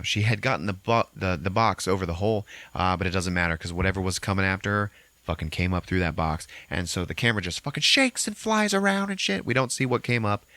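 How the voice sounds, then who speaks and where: A male podcast host telling a movie's plot in a loose, profane, animated way, his pitch leaping up and down as he goes. His voice sits low, and the recording is dry and close. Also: gravelly, no room sound. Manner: animated storytelling, constant swearing. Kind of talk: profane casual movie recap.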